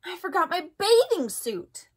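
A woman voicing an excitable, clumsy young boy frog in a storybook read-aloud, with squeaky, whining cries. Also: very slow, exaggerated voice. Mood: excited whine.

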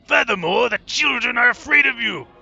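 A man voicing a boastful, gruff male pirate captain of a submarine, talking in a theatrical, blustering way. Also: extremely high pitch, animated, normal speed, pitched above the performer's own voice, exaggerated voice. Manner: blustering, theatrical, shouting threats. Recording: slightly dull lo-fi with faint game music.

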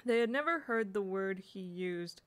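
A woman's voice: mid-range voice, animated, measured pace. Woman narrating a storybook, unpolished amateur reading. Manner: unpolished, occasional slips and restarts. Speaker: audiobook reader.

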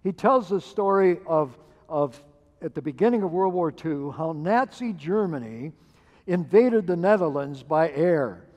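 A man preaching a sermon as pastor, telling a story in a measured way with frequent hesitant fillers. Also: fairly high pitch, lively intonation, darkish tone. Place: church sanctuary. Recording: church hall reverb.

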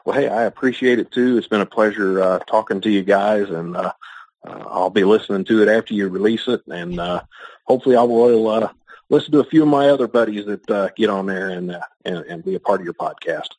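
A man speaking as a podcast guest in a casual, easygoing, halting way. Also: lowish voice, darkish tone, poor audio. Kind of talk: casual interview chat.

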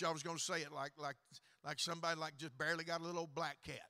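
Man, Southern accent, middle-aged, revival preacher, folksy storytelling, high bright voice. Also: little pitch movement, racing. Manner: folksy, joking, rising to loud preaching. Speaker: guest preacher. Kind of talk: Pentecostal revival sermon with storytelling.

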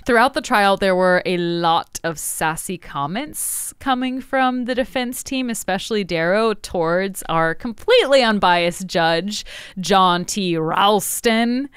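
A woman's voice: medium pitch, expressive, measured pace, clear, resonant tone, dry recording, studio quality. A young woman from Tennessee co-hosting a casual podcast, recapping history with sarcastic asides. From Tennessee, USA. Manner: sarcastic, storytelling with laughs. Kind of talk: casual chat.

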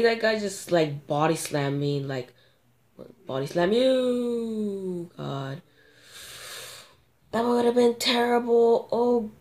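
A woman commentating her own gameplay, excitable and gasping at sudden moments, thinking aloud and talking to viewers. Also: medium pitch. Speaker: gamer.

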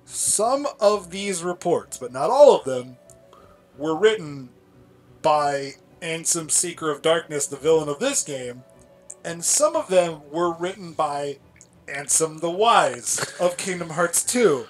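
A man's voice: fairly high pitch, animated, unhurried, soft background music. A man co-hosting a let's play, wryly explaining game lore and teasing his co-host. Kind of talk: casual gaming chat.

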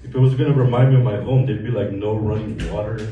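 A man's voice: fairly low pitch, fast, recorded from a distance, phone-quality sound. A man in his thirties from Mexico doing a casual, profane stand-up set in a comedy club. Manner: deadpan, casual, profane storytelling. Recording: echoey club recorded from afar. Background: audience laughter and room noise.

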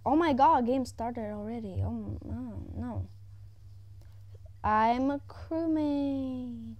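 A woman at home giving casual, excitable commentary as she plays a video game. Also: fairly high pitch, no room sound. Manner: excitable, exclaiming often, chatting to herself. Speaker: gaming YouTuber. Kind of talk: casual let's-play commentary.

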